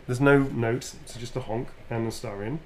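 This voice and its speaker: A man's voice: mid-range voice, moderate pace, slight background noise. A British man, a voice actor, chatting casually on a livestream about voices and accents while signing autographs. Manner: relaxed, demonstrates voices, swears casually.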